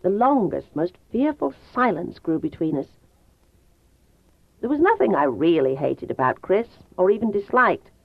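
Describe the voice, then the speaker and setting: A woman narrating a novel aloud in the first person, measured and brooding. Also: fairly low pitch, gravelly, no echo. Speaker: audiobook narrator. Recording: tinny phone-like dry sound.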